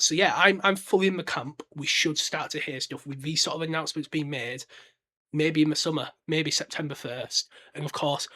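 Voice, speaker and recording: A man's voice: fairly high pitch, a bit bright. A man hosting a casual solo podcast, talking bluntly with lots of fillers and restarts. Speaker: podcast host.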